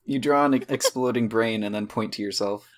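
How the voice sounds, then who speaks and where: A man's voice: medium pitch, brisk, slight background noise. A man running a tabletop game as game master, narrating loosely with many fillers. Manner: relaxed, hesitant with fillers.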